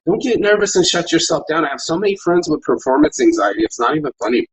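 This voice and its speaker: Husky, rambling motivational talker. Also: male voice, mid-range voice, very animated, fast, low-quality recording. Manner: rambling, profane, preachy pep talk; vaping while talking. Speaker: livestream host. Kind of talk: motivational morning livestream.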